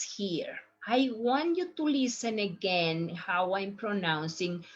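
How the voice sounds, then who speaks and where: A young Ecuadorian woman, a native Spanish speaker with an Ecuadorian accent, teaching a Spanish lesson from slides and slowly modeling pronunciation. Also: mid-range voice, animated, highs cut off. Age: young adult. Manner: slow, deliberate modeling of pronunciation. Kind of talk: slide-based language lesson.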